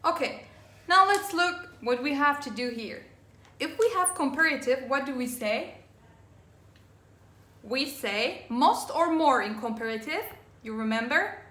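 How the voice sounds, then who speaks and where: A woman teacher giving an English grammar lesson, slowly spelling out endings and repeating words for her students. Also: high voice, expressive, bright, forceful tone. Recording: echoey room.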